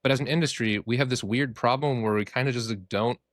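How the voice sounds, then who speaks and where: A man who works as a therapist, hosting a casual podcast and talking in an animated, joking way. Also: mid-range voice, quick pace, dry recording, clean studio sound. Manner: animated, joking, acts out quoted voices.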